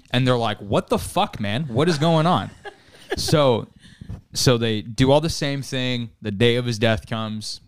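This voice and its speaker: A man's voice: medium pitch, clear, resonant tone, no echo. A man co-hosting a casual podcast, telling a long, rambling joke, swearing casually and laughing at his own story. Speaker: podcast co-host.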